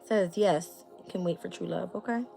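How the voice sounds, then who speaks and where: A woman reads tarot cards live. She talks bluntly, swears casually and laughs often. Music plays clearly behind her. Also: on the low side, moderate pace, dark tone. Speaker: tarot reader. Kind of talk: live-stream tarot reading.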